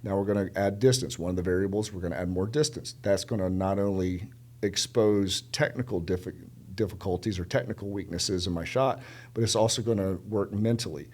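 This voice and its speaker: A middle-aged man from South Carolina, a podcast guest telling stories in casual conversation, animated and emphatic, acting out the people he quotes. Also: deep voice, a little fast. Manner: animated, acts out quoted dialogue; emphatic, repeats words for stress.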